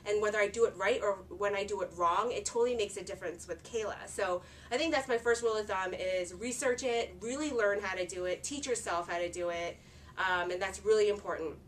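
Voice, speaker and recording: A chatty woman in her thirties shares parenting advice in an earnest, easygoing way. Her voice sits at a middle pitch and comes from a little way off the mic. A faint hum of background noise runs underneath. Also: fairly quick, far from the mic. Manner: chatty and earnest, with filler words. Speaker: parenting vlogger. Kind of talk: casual talk to camera.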